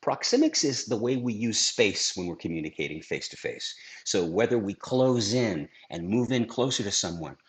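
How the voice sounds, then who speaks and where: Middle-aged male trainer, low and lively, emphatic teaching style with rhetorical questions. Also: moderate pace, hardly any pauses. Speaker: sales trainer. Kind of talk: scripted video lesson.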